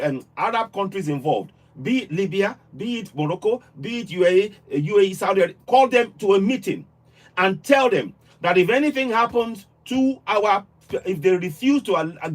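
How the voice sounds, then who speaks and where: A man hosting a live call-in show, talking earnestly with frequent restarts and repeated words. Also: high voice. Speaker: livestream host.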